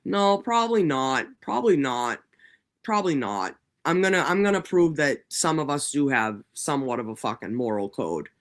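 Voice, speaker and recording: A woman hosting a casual livestream from home, ranting in an animated, profane way. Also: low voice, normal speed. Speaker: livestream host.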